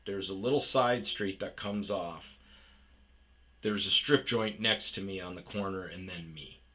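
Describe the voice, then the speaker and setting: Bright-voiced man telling a profane story. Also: sits low, measured pace. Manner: profane, animated storytelling with yelled reenactments. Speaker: storyteller host. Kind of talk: casual ranting anecdote.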